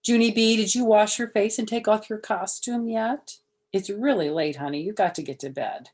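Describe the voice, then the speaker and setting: Grandma reading a tired mom scolding her kid, a bit raspy. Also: medium pitch, normal speed, darkish tone, voice pushed up, lightly acted. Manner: firm, scolding. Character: scolding mother of a young girl.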